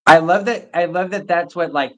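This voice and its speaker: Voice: mid-range voice, moderate pace. A host in casual chat, affirming the guest and reflecting at rambling length.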